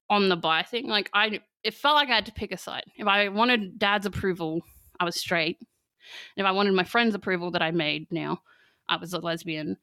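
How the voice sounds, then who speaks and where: A woman's voice: medium pitch, sharp tone, clean tone, no echo. A young woman with an Australian accent, a podcast guest speaking candidly in casual conversation, laughing often and filling her sentences with "like". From country Victoria, Australia. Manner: chatty, laughs often, fills with "like".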